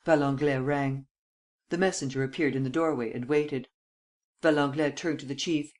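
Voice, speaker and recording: An audiobook narrator reading a classic mystery novel in a measured, even way. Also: medium pitch.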